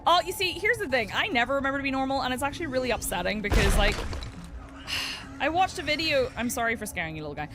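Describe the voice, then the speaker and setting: Against a noisy background, a woman speaks briskly in a high-pitched voice. Streaming a game, she keeps up casual chat and stories, animated, talkative, and laughing often.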